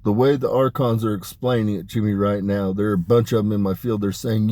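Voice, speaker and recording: A man talking in a rambling, emphatic monologue about spiritual matters, dropping his voice low on asides. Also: fairly even intonation, a little fast, few pauses, warm tone, no echo. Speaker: spiritual channeler. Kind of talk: casual spoken monologue.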